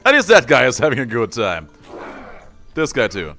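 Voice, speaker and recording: A man's voice: medium pitch, huge pitch swings, moderate pace, pauses often, bright, forceful tone, soft background music. Playful gaming host man. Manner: playful, joking asides. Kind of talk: let's play commentary.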